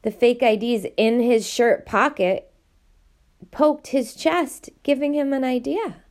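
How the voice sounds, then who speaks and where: A woman reading a novel aloud in an expressive, animated way. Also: on the high side, takes it slowly. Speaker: audiobook reader.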